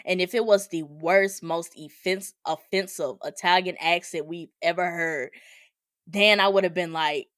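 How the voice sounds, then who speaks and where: A woman's voice: lowish voice, fairly even intonation, a little slow, a bit bright, dry recording, studio quality. A woman co-hosting a podcast, chatting casually about movie trailers, laughing often and filling her talk with "like". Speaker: podcast co-host.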